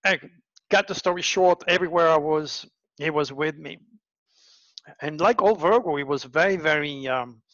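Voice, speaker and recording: An astrologer tells stories in a casual monologue at normal speed, animatedly acting out the people in them with big pitch jumps. The recording is dull, lo-fi, and dry, with no room sound.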